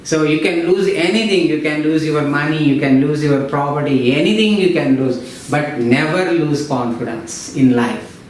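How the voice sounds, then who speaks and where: A man's voice: on the high side, moderate pace. A man, giving an explanatory lesson in a lecture style, repeating himself and restarting phrases. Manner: explanatory, repetitive, frequent fillers and restarts. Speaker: English teacher. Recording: very echoey room with faint noise.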